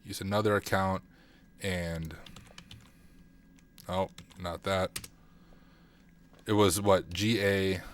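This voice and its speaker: A man's voice: sits low, level tone, takes it slowly, long pauses. A man streaming a casual hacking walkthrough, thinking aloud and teasing himself as he types. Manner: thinks aloud, self-deprecating, mutters while typing. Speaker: cybersecurity streamer.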